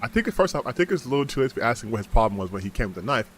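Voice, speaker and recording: A man's voice: medium pitch, big pitch swings, rapid-fire, slight background noise. A man streaming a game, chatting and joking while testing a mock British enunciation. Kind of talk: gaming livestream commentary.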